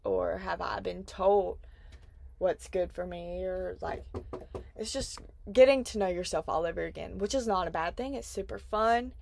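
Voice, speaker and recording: A woman's voice: fairly low pitch, moderate pace, creaky, darkish tone, slight background noise. A woman in her twenties hosting a podcast, chatting casually and rambling with lots of "like" fillers. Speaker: podcast host. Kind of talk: casual chat.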